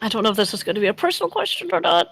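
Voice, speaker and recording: A woman's voice: on the high side, big pitch swings, rapid-fire, vocal fry, fairly bright tone, husky, no echo, rough recording. A woman running a tabletop game as game master on a live stream, rambling and giggly, correcting herself as she goes. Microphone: streaming microphone.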